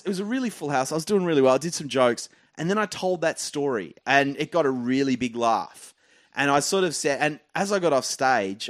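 A man with an Australian accent, a comedian telling stories with loud, animated delivery. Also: fairly high pitch, no echo, clean studio sound. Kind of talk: comedy podcast storytelling.

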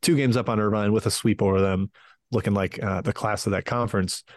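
A man's voice: on the low side, steady tone, brisk, no echo, studio quality. A man co-hosting a sports betting podcast, thinking aloud and weighing both sides before he makes a pick. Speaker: podcast co-host and betting analyst. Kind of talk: casual sports betting chat.

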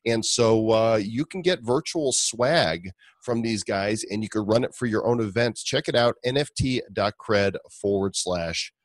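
A man hosts a casual podcast in a chatty, promotional way, with frequent fillers. His voice is on the low side. The sound is close and dry. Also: unhurried, hardly any pauses, no echo. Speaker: podcast host.

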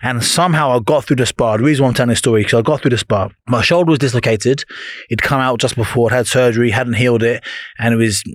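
A man in his thirties from England, a former Olympic boxer, telling a story in a casual podcast chat, animated, swearing and laughing as he goes. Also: medium pitch, quick pace, no room sound, studio quality.

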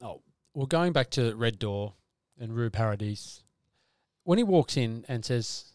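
A man's voice: medium pitch, expressive, unhurried, darkish tone, dry recording, clean studio sound. A man co-hosting a film podcast, rambling through his points with restarts and acted-out bits. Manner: rambling, restarts, acts out scenes. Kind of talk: casual chat.

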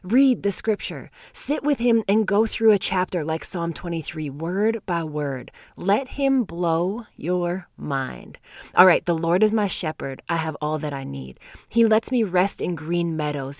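A woman talks through scripture on her devotional podcast, earnest and personal. Her voice sits a little low, and she slows right down to lean on single words, with the odd laugh in between. The sound is dry and close, with no room around it. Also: expressive, darkish tone, no room sound. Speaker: podcast host.

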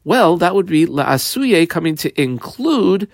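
A man's voice: fairly high pitch, sing-song, a little slow, gravelly, dry recording, clean studio sound. A man teaching a Talmud lesson, reading out passages and explaining how he marks up the text.

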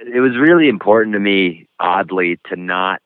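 A man speaking frankly and reflectively as an author being interviewed, pausing often as he talks. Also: low voice, expressive, smooth, no echo. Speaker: author and guest. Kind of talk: candid interview conversation. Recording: tinny phone-like line, dry.

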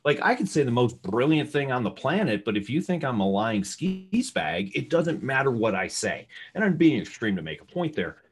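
A middle-aged man with a loud voice, teaching real estate sales to a live audience in an energetic, conversational way and asking the room questions. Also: medium pitch, normal speed, hardly any pauses. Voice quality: loud talker.

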